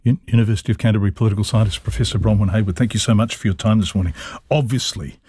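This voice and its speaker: A man hosting a morning radio interview, asking brisk, probing questions. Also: on the low side, fairly even intonation, mellow, slightly rough, no echo, studio quality.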